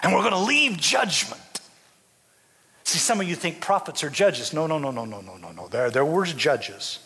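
A high-voiced man preaching with a bright, gravelly, husky tone and wildly swooping pitch. He tells the story like a dramatic, folksy preacher, tossing joking asides to the congregation. His voice rings through the long reverb of a large church hall. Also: sing-song, normal speed. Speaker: bishop preaching. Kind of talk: sermon.

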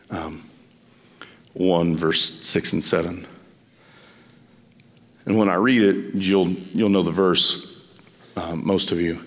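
A pastor preaching a sermon, emphatic and repeating phrases, his voice climbing high when he exhorts.

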